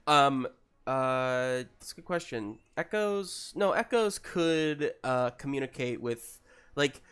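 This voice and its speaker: A man narrating and running a tabletop role-playing game, talking in a loose, hesitant way with many pauses and restarts. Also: mid-range voice, expressive, fairly bright tone, clean tone. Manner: hesitant, full of ums and restarts. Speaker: game master.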